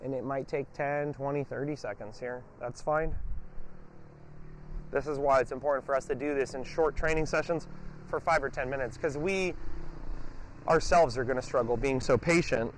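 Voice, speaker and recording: A man's voice: mid-range voice, fairly even intonation, moderate pace, slight background noise. A man working as a dog trainer, explaining his method during a hands-on session and breaking off to give the dog short, firm commands.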